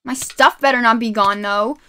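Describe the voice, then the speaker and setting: Woman game streamer, live commentary, excitable yelling, sore throat; bright, high voice. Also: normal speed, clear, resonant tone.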